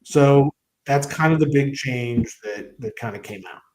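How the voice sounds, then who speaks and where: A man's voice: mid-range voice, a little slow, darkish tone, rough recording. A man, co-hosting a talk show and explaining step by step in a casual way. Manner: explains history step by step, acts out dialogue. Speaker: co-host.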